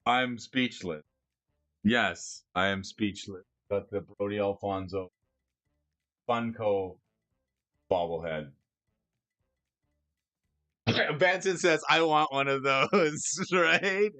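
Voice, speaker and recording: A man streaming casually, excitable and often stammering through restarts as he talks about cards and gifts. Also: medium pitch, dry recording. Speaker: streamer discussing card prices. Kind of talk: casual live-stream chat.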